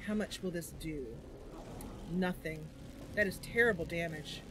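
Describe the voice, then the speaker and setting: A woman's voice: on the low side, unhurried, background noise. A woman streaming a video game, thinking aloud over her moves and breaking into sudden cries when things go wrong. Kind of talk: livestream game commentary.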